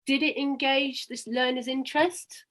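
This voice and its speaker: A woman's voice: high-pitched, fairly even intonation, moderate pace, fairly bright tone. Upbeat woman leading a teaching webinar. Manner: upbeat, guiding with questions. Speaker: teacher trainer presenting a webinar. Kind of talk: webinar presentation and demo dialogue.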